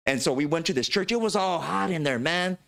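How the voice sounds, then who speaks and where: A man's voice: fairly high pitch, expressive, fairly quick, vocal fry, fairly bright tone. Slangy man telling stories. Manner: slangy, rambling storyteller. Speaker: podcast host. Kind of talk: casual podcast storytelling.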